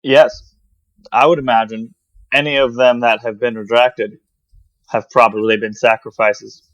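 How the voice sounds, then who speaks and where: A man with a middle-pitched voice calmly lays out his moves in a tabletop game, plain and matter-of-fact. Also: measured pace, rough recording. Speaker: player. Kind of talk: casual tabletop play.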